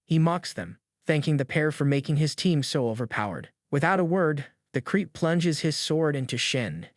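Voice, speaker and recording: A man's voice: on the high side, normal speed, dry recording, studio quality. A man narrating a comic story recap in a hyped, scripted storytelling style.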